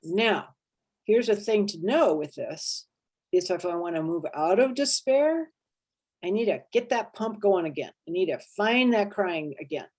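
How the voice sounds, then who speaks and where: A woman therapist leading an interactive workshop, lively and expressive, acting out inner voices and checking in with her listeners. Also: mid-range voice, measured pace. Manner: animated, acts out inner voices and checks in with "right?".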